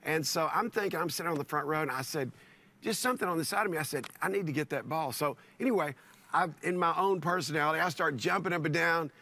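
Middle-aged man, pastor, lively storyteller, bright forceful tone, slightly higher pitch; often restarts lines. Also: fast. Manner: animated, repeats words and restarts often. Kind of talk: storytelling in a conversation.

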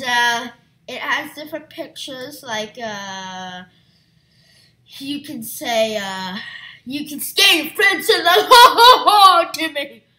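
A woman hosting a casual stream about retro toys, giggly and animated, who keeps slipping into silly voices. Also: high voice, reverberant. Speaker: host reviewing retro toys. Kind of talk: casual livestream chat.

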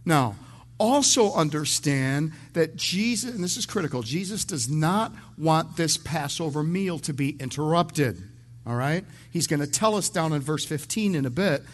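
A man preaches through a passage in a casual, talk-it-through way, with a fairly high voice for a man. He stumbles over the first words of many sentences and drops in the odd joke. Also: lively intonation, moderate pace. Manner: conversational, repeats words when starting sentences, mixes in jokes. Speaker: pastor. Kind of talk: verse-by-verse sermon.

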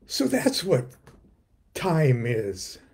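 Slow, husky older man hosting. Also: medium pitch, huge pitch swings, a little mellow. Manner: slow, easygoing, dry humor. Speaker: host. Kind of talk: casual chat.

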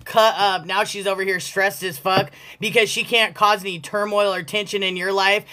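A woman's voice: mid-range voice, flat delivery, normal speed, pushed and bright. A woman giving a casual collective tarot reading, blunt and profane and often breaking into laughter. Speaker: tarot reader.

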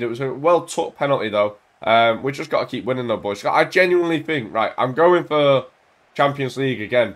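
Excitable young man commentating his football game. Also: mid-range voice. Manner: excitable, banter-filled, shouts at goals. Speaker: gaming YouTuber. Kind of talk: casual live commentary over a football game. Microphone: desk mic.

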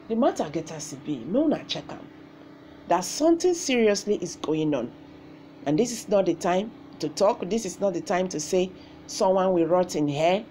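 A woman's voice: fairly low pitch, darkish tone, slight background noise. A woman with a Nigerian accent, hosting a channel and delivering emphatic political commentary to camera, repeating phrases and slipping into Pidgin. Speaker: channel host.

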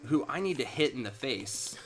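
A man's voice: medium pitch, lively intonation, moderate pace, faint music behind. A young man co-hosting a casual gaming chat, telling a story with teasing asides and laughter. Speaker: co-host.

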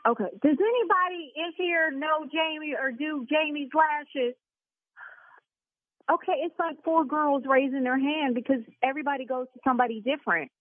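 A woman who owns a salon, speaking over the phone in a fast, indignant, cursing manner. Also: high voice, dry recording. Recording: tinny phone line.

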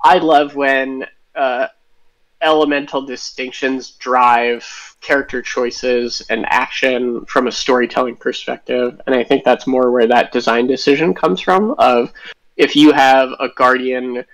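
Guest game designer, male, mid-pitched, eager and musing as he talks. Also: fairly even intonation, a little slow, fairly bright tone, rough recording. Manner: enthusiastic, thinks aloud with tangents. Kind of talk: interview answers.

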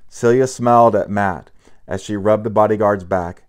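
A man reading a novel aloud as an audiobook narrator, steady with occasional stumbles and restarts. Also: lowish voice, normal speed.

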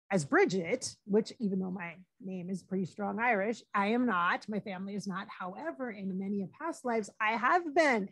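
Soft-spoken chatty psychic woman. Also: medium pitch, no room sound. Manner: soft and confiding, breaking into laughs. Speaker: psychic medium. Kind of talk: chatty spiritual vlog.

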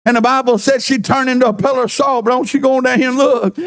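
A man preaching a fervent sermon, shouting and half-singing his phrases. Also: very high voice, fairly even intonation, quick pace. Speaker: pastor. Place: church.

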